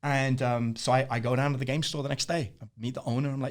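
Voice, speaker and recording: A man's voice: mid-range voice, fast, few pauses. A man being interviewed, telling stories casually and acting out the voices of the people in them. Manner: animated, acts out the voices in his stories; swears casually. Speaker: interview guest.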